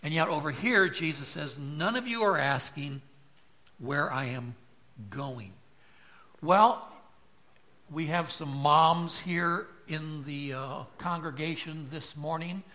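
Male pastor, bright forceful voice, slightly high, teaching sermon with questions to the room. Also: slow pace. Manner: expository preaching, rhetorical questions, voice jumps when quoting. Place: church.

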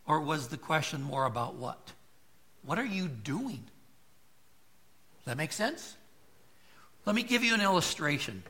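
Male pastor, bright forceful voice, slightly high, teaching sermon with questions to the room. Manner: expository preaching, rhetorical questions, voice jumps when quoting. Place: church.

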